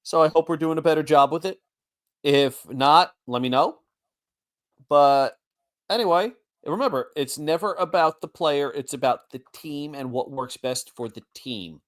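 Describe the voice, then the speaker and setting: A man's voice: a little high, a little slow. A man in his forties co-hosting a sports podcast, blunt and wry in casual chat. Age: 40s. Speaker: podcast co-host.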